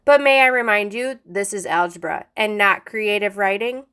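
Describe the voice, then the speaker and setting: A woman's voice: mid-range voice, moderate pace, a bit bright, smooth, close to an everyday voice. Woman doing a smug mocking male teacher.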